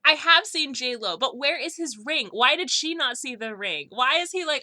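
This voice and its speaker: A woman's voice: high voice, animated, bright, forceful tone, no room sound. A woman co-hosting a podcast, teasing and questioning her co-host about the film. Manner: teasing, quick interjections and laughs. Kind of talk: casual movie chat.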